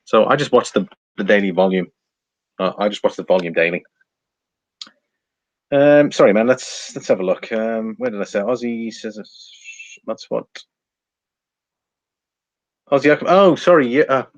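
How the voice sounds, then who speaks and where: A man hosting a live stream, chatting casually and thinking out loud while he reads out figures and viewer comments. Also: medium pitch, animated, normal speed, long pauses, no room sound, highs cut off. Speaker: livestream host reading viewer chat.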